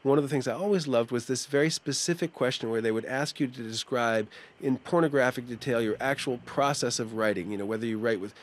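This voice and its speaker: A man's voice: medium pitch, brisk, hardly any pauses. A man interviewing on a commentary track, asking a long-winded, self-conscious question. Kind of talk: casual interview.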